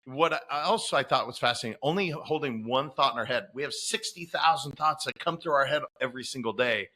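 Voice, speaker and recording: A man hosts a conversational podcast with a bright, forceful tone. He talks with eager enthusiasm, backing up his guest and working through ideas aloud with quick restarts. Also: medium pitch. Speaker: podcast host.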